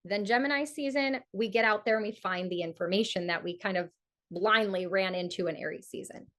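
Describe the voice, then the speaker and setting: A woman astrologer leading a live community event, teaching in a lively way and acting out inner voices with repeated phrases for emphasis. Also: mid-range voice, fairly quick. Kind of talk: energetic teaching talk with guided ritual.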